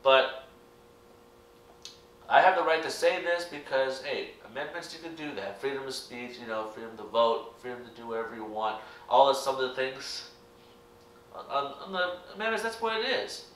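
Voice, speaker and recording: A man's voice: mid-range voice, normal speed, a bit bright, a little hiss or hum. A young American man giving a rambling, earnest opinion vlog to his channel's viewers. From United States. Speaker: YouTube reaction vlogger. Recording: echoey room, distant mic.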